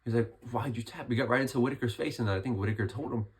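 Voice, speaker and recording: A young man with a hoarse, worn voice, still getting over being sick, talking casually and rambling as he breaks down a fight night. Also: medium pitch, very fast, slight background noise. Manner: chatty, rambling, lots of restarts. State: hoarse, recovering from illness. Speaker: MMA commentary vlogger.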